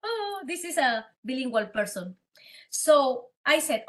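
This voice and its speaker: A woman with a Spanish accent, a native Spanish speaker, telling her story as a guest in a podcast interview in an animated, dramatic way. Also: high-pitched, a little slow. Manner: animated, dramatic, acts out quoted dialogue. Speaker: guest entrepreneur.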